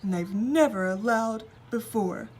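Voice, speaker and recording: A weepy storybook king who wails and sobs, his voice pushed up high and loud, as a woman puts him on. He drags his words out slowly, as if every sentence hurts. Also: very animated, creaky, slight background noise, full character voice. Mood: wailing. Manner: sobbing, wailing and high-pitched. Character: weepy wailing king, grown man.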